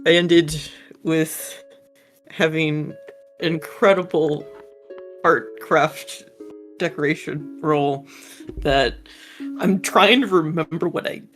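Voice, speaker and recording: A woman player introducing her character, talking haltingly and searching for words. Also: deep voice, steady tone, faint music behind. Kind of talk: casual chat.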